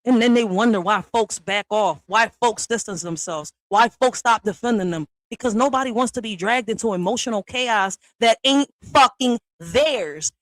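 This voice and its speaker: A woman's voice: fairly high pitch, fairly bright tone, no room sound. Woman streamer, tough-talking and profane, in a dry, close recording. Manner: blunt, profane, confrontational. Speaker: livestream host. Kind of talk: ranting monologue to viewers.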